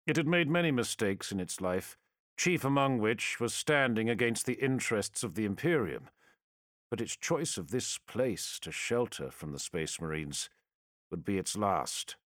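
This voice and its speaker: A man's voice: lowish voice, expressive, fairly bright tone, no room sound, clean studio sound. Man narrating a dramatic audiobook. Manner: dramatic, measured storytelling.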